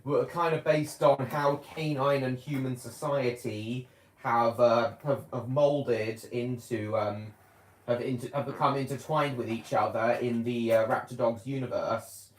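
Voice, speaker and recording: A man's voice: medium pitch, steady tone, a little slow. Rambling man in an echoey room. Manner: rambling, hesitant, many fillers and restarts. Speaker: vlogger. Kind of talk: casual chat. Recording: roomy echo.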